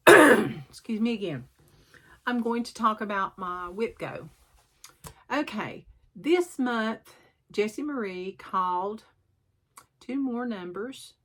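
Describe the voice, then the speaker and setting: A woman with a sore throat, rambling and poking fun at herself as she shows off her stitching in a chatty show-and-tell vlog, clearing her throat often. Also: mid-range voice. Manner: rambling, self-deprecating, frequent throat clearing. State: sore throat, sucking a cough drop. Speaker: cross-stitch vlogger.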